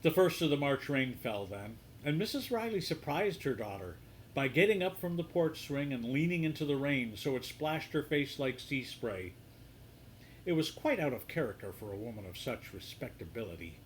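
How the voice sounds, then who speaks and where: A man reading a story aloud in a measured, hushed storybook style, softening his voice for the quoted lines. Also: medium pitch, lively intonation, slight background noise, low-quality recording.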